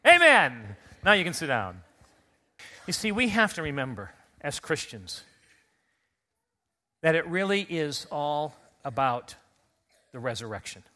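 Delivering an earnest Easter message to his flock while still recovering from illness, this middle-aged pastor speaks at a measured pace with long pauses. His fairly high voice is very animated and rises to loud, emphatic calls.

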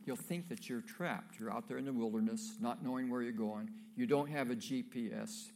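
A man preaching from the pulpit, his voice carrying a gravelly, slightly fried texture. He reads the scripture aloud, then drops into plain, friendly asides to the congregation before picking the text up again. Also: mid-range voice, normal speed, few pauses, a little mellow. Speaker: pastor. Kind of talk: sermon.

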